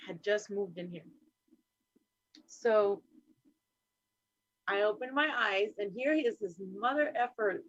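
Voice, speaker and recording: A woman's voice: mid-range voice, a bit bright, dry recording. A woman hosting a live stream, chatting casually with a loose, profane manner and easy laughs. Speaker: host. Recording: dry, dull lo-fi call audio.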